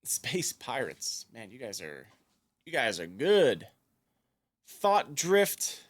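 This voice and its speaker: A man's voice: mid-range voice, huge pitch swings, slow. A man live-streaming from his piano, chatting casually, reading viewers' messages aloud and humming to himself as he mulls them over. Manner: musing aloud, reading chat, humming, laughing. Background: soft background music.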